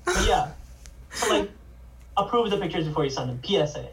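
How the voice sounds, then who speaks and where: Fast, lively young woman, joking. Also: fairly low pitch, distant mic, heavy background noise. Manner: frank and joking. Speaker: podcast co-host. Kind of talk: casual chat.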